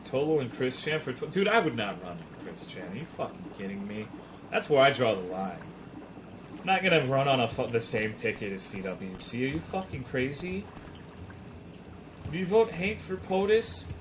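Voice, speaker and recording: A man's voice: mid-range voice, very animated, normal speed, noisy background. A man streaming a video game, chatting casually with his viewers in profane, joking banter. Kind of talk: casual chat with viewers while gaming.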